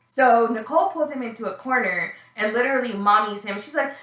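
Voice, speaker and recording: Woman, casual vlog reviewer; sarcastic, profane, sharp bright tone; roomy echo, slightly off-mic. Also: brisk. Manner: blunt, sarcastic, swearing freely; acts out quoted voices in a high, shrill tone. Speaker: reality TV reviewer.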